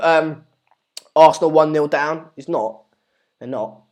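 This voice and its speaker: A man's voice: a little high, expressive, moderate pace, a little mellow. A man with an English accent hosting a live stream, chatting casually and reading out viewer comments in a rambling, jokey, self-deprecating way. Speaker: livestream host.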